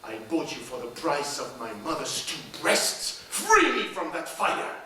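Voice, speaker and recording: A man voicing a low, pleading young boy. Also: huge pitch swings, measured pace, pushed and bright, a little hiss or hum, full character voice. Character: young boy fleeing on horseback. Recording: echoey theater from far off.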